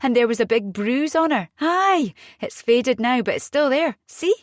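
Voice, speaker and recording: A woman reading an audiobook voices an agitated young mother, fierce and frightened, her voice jumping high when upset. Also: animated, unhurried, no echo, clean studio sound.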